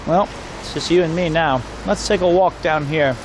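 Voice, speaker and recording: A man talks to his stream chat as he walks outdoors, his voice sitting a bit high. He rambles, cracks jokes and chats to passers-by. Faint traffic and street sounds run underneath. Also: moderate pace. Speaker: IRL streamer. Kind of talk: casual live-stream chat while walking.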